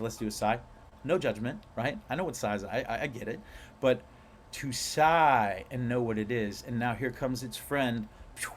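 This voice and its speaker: Male breathwork instructor, mid-pitched, animated and playful, slow emphatic stresses, faint background noise. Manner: animated, playful, drawn-out emphatic words with laughs. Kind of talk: guided breathwork class.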